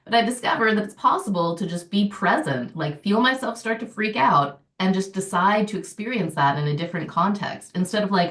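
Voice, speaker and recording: A middle-aged woman talking as a podcast guest, an animated storyteller who laughs often. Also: medium pitch, fairly quick, hardly any pauses, roomy sound, distant mic. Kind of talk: casual podcast conversation.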